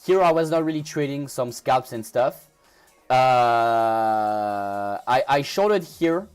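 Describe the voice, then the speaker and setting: A man from France, speaking French natively and English with a French accent, hosts a casual crypto trading live stream over soft background music. His mid-range voice is clean-toned and slow with lively intonation, and he frequently repeats words and starts over.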